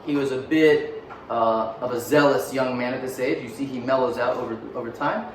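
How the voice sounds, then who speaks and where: A man's voice: medium pitch, moderate pace, a little hiss or hum. A man telling a story in a casual, joking way, with frequent fillers and offhand asides. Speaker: teacher. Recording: roomy echo, mic far off, faint ambience.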